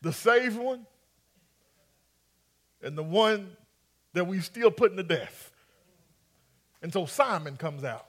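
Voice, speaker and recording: A man's voice: sits high, lively intonation, slow pace, pauses often. A man preaching a sermon, acting out scripture scenes and coaxing his congregation to respond. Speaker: pastor.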